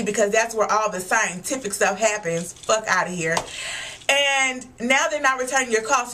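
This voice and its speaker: A woman's voice: on the high side, fairly bright tone, a little hiss or hum. Blunt, cussing young woman ranting. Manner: blunt, profane, exasperated ranting. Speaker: vlogger reviewing a TV episode. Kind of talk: casual review rant.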